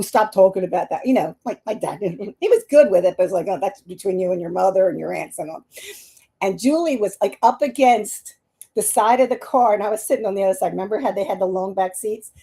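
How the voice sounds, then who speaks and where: A woman's voice: mid-range voice, mellow. A woman, a psychic medium hosting a live stream, telling a long personal story with many restarts while tearful. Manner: rambling, many restarts and asides to viewers.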